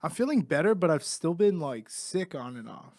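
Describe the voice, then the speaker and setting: A man's voice: on the high side, very animated, moderate pace, a little mellow, no echo, clean studio sound. A young man as a podcast guest, talking candidly and joking in casual chat. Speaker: podcast guest, comedy studio owner.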